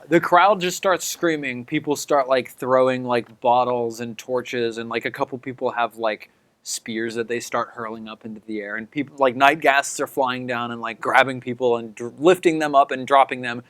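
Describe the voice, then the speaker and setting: A man's voice: medium pitch, fairly even intonation, moderate pace, a bit bright, no room sound. A man narrating as dungeon master in a tabletop game, talking casually with many fillers.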